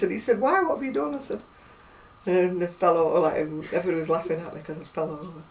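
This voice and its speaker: A woman's voice: on the low side, fast. An older woman with a northern English accent, telling stories in a casual chat and laughing often. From northern England. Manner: chatty storyteller, laughs often. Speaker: crochet vlogger. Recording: distant mic, faint noise.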